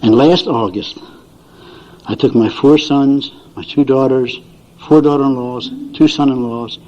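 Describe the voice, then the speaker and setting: A man's voice: mid-range voice, measured pace, mellow. An older man speaking at a recovery meeting, telling folksy, chuckling stories to an audience and acting out his family's voices. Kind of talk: storytelling talk to an audience. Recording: dull lo-fi recording.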